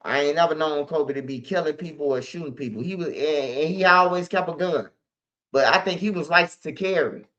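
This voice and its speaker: A man's voice: fairly high pitch, fairly quick, fairly bright tone. A man, hosting a street news channel, retelling a story in a loose, slangy, profane, emphatic way. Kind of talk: casual storytelling monologue. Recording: dull lo-fi audio.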